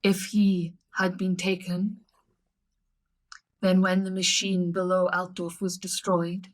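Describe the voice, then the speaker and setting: A woman's voice: fairly low pitch, little pitch movement, takes it slowly, low-quality recording. A woman playing a character in a tabletop game, explaining earnestly and steadily. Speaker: player. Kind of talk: in-character tabletop role-play.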